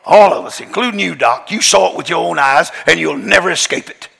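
Folksy, gravelly preacher man in a hall. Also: on the high side, fairly quick, a bit bright. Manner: folksy, emphatic, drawling with slang. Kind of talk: storytelling sermon. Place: large church hall. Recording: long hall reverb.

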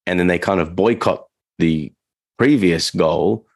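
A man's voice: deep voice, unhurried, no room sound. A man co-hosting a casual dog-training podcast, rambling loosely with lots of fillers and restarts.

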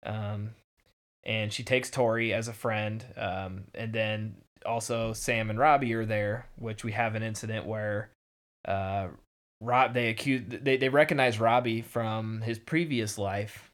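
A man's voice: fairly low pitch, steady tone, a bit bright. A man in casual chat recapping a TV episode, rambling with lots of fillers and acting out characters' lines. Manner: rambling, filler-heavy, acts out characters' lines in quick voices. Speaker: podcast co-host.

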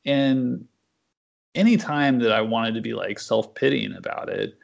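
Gravelly-voiced man telling a long story. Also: mid-range voice, measured pace. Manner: rambling storyteller with many fillers. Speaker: guest comic book writer. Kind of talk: casual podcast chat. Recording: dull lo-fi sound.

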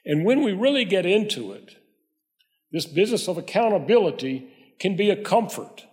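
A man preaching a sermon in a measured, conversational way, leading the congregation in prayer. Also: high-pitched, very animated, in a large hall. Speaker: pastor.

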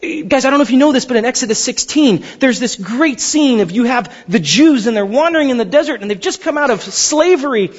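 A man preaching a sermon, animated and storytelling, sometimes acting out characters. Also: very high-pitched, a little fast, hardly any pauses. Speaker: pastor. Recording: dull sound in a reverberant hall.

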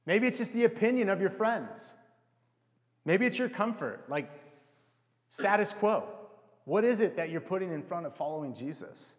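A young man preaching a sermon in a conversational, self-deprecating way, asking the audience rhetorical questions. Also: high voice. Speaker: pastor. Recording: long hall reverb.

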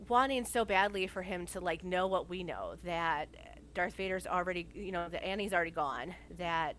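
A woman's voice: fairly low pitch, normal speed, a bit bright, slight background noise. Woman gushing in a casual chat, lots of likes and ums, rambles on. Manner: enthusiastic, rambling, many fillers.

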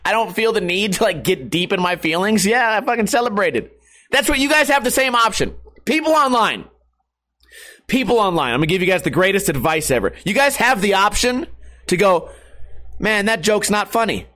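Young guy venting to his viewers, kinda high voice, cussing and laughing at himself. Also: animated, fairly quick, bright, forceful tone. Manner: sarcastic, profane, laughing at himself. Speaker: skateboarder and online streamer. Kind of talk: casual rant to viewers.

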